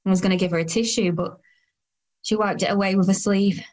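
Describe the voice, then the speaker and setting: A woman's voice: medium pitch, fairly even intonation, a little fast, darkish tone, close to an everyday voice. A woman in her thirties narrating in the first person as a weary, self-conscious woman, with a dry, sardonic tone. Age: 30s.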